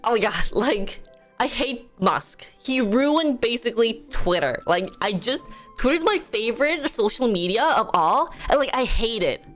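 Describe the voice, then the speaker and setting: A whiny young Valley Girl TikToker, as a woman streamer mimics her, dramatic and full of "oh my God, like." She complains with a lively, swooping pitch. Soft music plays behind. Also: unhurried.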